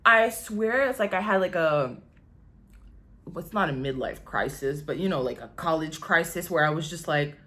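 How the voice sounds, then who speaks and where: A low-pitched, expressive voice with a sharp tone, moving at a moderate pace. The speaker is a woman in her 20s, a vlogger telling her own story candidly and ramblingly, swearing freely and filling it with "like," in a casual confessional style.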